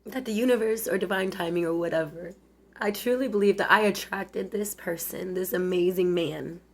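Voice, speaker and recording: A woman in her forties talking to camera in a personal confessional monologue, emotional and tearful, halting and restarting often. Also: fairly low pitch. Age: 40s. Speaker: vlogger.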